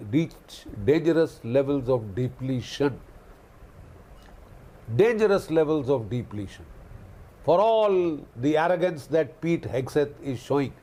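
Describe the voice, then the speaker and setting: Guy on a news panel, fired up, keeps repeating lines, voice on the high side. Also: darkish tone. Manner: emphatic, repeats key phrases for force. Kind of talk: impassioned televised debate commentary.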